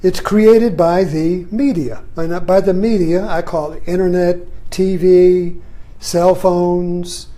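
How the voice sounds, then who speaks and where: A man's voice: sits high, fairly even intonation, slow pace, warm tone. An older man giving a rambling, reflective monologue, often adding "you see" as he thinks aloud. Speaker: vlogger. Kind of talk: musing monologue.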